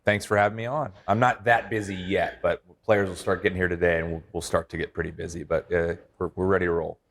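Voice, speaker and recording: A middle-aged man with a deep, low-pitched voice answers interview questions about his team. He talks in a relaxed, rambling way, circling back and restarting his sentences as he goes. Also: fast talker. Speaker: baseball team manager. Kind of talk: casual interview chat.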